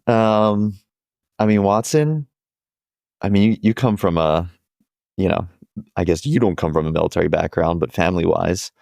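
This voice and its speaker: Podcast host, man, low voice, dry close sound, easygoing and often laughing. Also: normal speed, vocal fry, pauses often, a little mellow, no room sound. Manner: chatty and laughing, with hesitant restarts. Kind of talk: casual chat.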